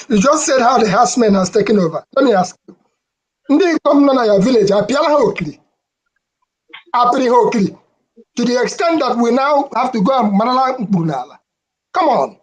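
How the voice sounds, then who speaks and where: A woman's voice: high voice, poor audio. A woman hosting a call-in radio discussion, earnest and appealing, mixing Igbo into her English.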